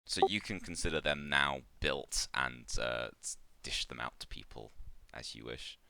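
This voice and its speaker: Deep-voiced man running a tabletop game. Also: measured pace, vocal fry, sharp tone, no room sound. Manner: casual, with fillers. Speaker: game master.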